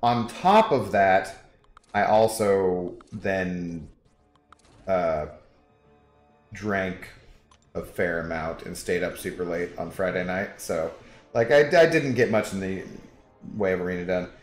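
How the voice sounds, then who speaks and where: Young man, game streamer, lowish voice, laid-back rambling chat, echoey room, faint music behind. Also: takes it slowly, pauses often. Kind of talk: casual livestream chat.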